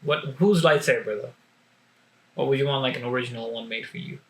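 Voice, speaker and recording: A man hosting a reaction video, chatting casually in a relaxed, laughing way. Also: mid-range voice, a little fast, rough recording. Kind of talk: casual chat.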